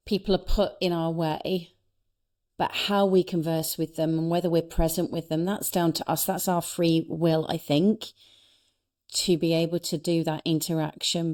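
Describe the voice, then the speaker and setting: A middle-aged woman with a fairly low voice tells a personal story on a podcast. She talks with earnest warmth and often restarts her sentences. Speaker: guest, speaker and coach. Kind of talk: reflective storytelling in a podcast interview.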